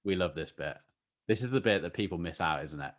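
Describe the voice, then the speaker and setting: A man's voice: low voice, fairly quick. A man hosting a podcast in casual, teasing chat. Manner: playful, teasing, animated. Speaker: podcast host.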